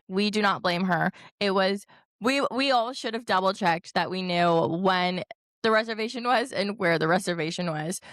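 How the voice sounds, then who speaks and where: A woman's voice: medium pitch, fairly bright tone, dry recording, studio quality. A young woman, hosting a podcast and telling a story in a chatty way, with many fillers and mild swearing. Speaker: podcast host. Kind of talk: casual storytelling.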